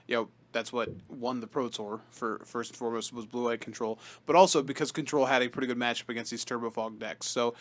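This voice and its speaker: A man's voice: medium pitch, steady tone, brisk, few pauses, a bit bright. A man co-hosting a casual podcast, talking things over with lots of fillers and restarts. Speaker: podcast co-host. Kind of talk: casual chat about card game.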